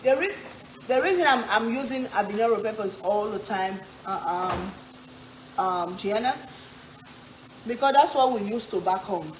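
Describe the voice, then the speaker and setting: With lively intonation and long pauses, a woman from Africa talks at normal speed in a mid-range voice as she hosts a live cooking stream, chatting and reading viewer comments while cooking. She's in her home kitchen, where the recording is echoey, with frying sizzle, stirring and other background noise.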